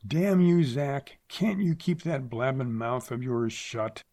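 A man voicing a weary gunman with a flat, clipped way of talking. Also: medium pitch, slow pace. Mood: angry. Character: weary male gunman, guarded and terse.

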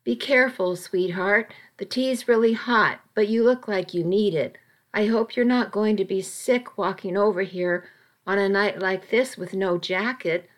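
A woman's voice: mid-range voice, measured pace, lightly acted. A woman reading as a caring, stern aunt. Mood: concerned, stern. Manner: gentle but stern, pleading. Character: caring, firm middle-aged aunt. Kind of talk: audiobook reading.

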